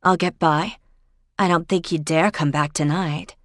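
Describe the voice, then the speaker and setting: A woman narrator puts on a blunt young woman, shaken and exasperated, snapping back in sharp retorts. The voice sits fairly low and dry, close to the mic. It is a scene from a storybook read aloud. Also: fairly even intonation, a little slow, no room sound. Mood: tired.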